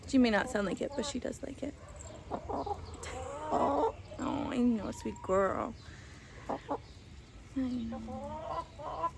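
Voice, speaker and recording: A woman chatting casually while she walks through her backyard garden and chicken coop. She rambles, laughs often, and coos softly to her hen. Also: medium pitch, background noise. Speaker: vlogger giving a garden tour. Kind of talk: casual chat.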